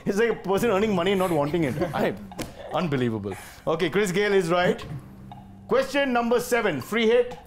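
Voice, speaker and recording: Brief: Indian English male quiz host, high voice, teasing banter, faint music under. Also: lively intonation. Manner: playful, teasing, quick asides. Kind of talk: joking game show hosting.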